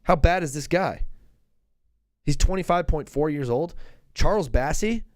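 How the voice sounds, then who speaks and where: A man hosting a live basketball call-in show, talking in an excitable, joking, rambling way. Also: a little high, a little slow, dry recording. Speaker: host.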